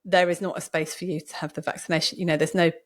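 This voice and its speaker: A woman hosting a podcast, talking casually and telling stories in a lively way with many restarts. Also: fairly low pitch, fast talker. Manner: lively storytelling with frequent restarts. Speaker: podcast host and doctor. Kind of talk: casual conversation.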